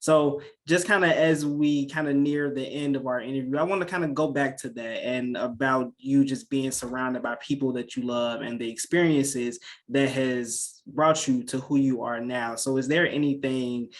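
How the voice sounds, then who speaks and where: A man's voice: mid-range voice, fairly even intonation, normal speed, few pauses. A man hosting an interview responds sincerely to his guest and asks long, flowing questions. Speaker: interview host. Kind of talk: conversational interview.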